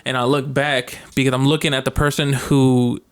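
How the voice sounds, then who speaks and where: A man's voice: medium pitch, flat delivery, normal speed, smooth. A young male podcast co-host in casual chat. He tells stories with energy, acts out quoted voices and laughs as he goes. His voice sits in an average range.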